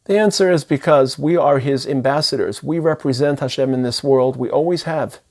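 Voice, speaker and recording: Middle-aged rabbi, earnest and emphatic, mid-pitched man's voice. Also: moderate pace, darkish tone. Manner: earnest, emphatic delivery sprinkled with Hebrew and Yiddish terms. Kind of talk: sermon.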